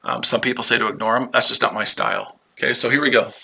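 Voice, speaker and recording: A male livestream host talks straight to his chat viewers, combative and full of swearing. His voice is very bright and cutting, and he circles back over the same lines again and again. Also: mid-range voice, little pitch movement, fast, vocal fry, breathy edge. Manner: combative, profane, repeats himself.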